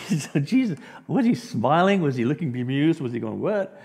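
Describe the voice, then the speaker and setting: A male pastor preaching a sermon, telling the story in an animated way and acting out the quotes with chuckles. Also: on the high side, normal speed, creaky. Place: church sanctuary. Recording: long reverb of a large hall.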